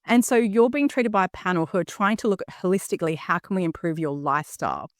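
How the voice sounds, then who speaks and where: Talking fast and animatedly, a woman in her fifties from Australia hosts her own personal podcast, with a fairly low-pitched voice. She speaks earnestly and candidly, frequently using ums and "okay?" check-ins, in a studio-quality recording with no echo.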